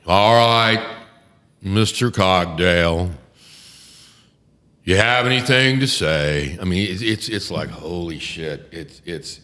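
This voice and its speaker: A low-voiced older man with a drawl spins courtroom war stories, swearing freely and breaking into laughter. His voice rings with a long reverb from the room. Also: a bit bright. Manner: profane, laughing, acts out quotes. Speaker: podcast host, defense attorney. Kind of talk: casual storytelling chat.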